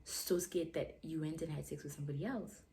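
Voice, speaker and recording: A South African woman voicing a worried, puzzled young boyfriend in a low, half-whispered voice, with a South African accent. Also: a little fast, dark tone, a little hiss or hum.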